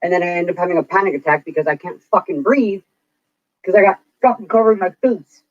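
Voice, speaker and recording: With a fairly low pitch and a slightly fast delivery, a woman vlogger unloads in a profane, casual rant. It's a dull, dry, lo-fi recording.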